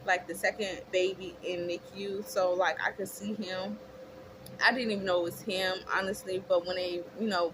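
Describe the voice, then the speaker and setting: A young woman telling a chatty, expressive storytime to her viewers, calling them y'all. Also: medium pitch. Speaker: vlogger. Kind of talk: casual storytime. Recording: clear background noise.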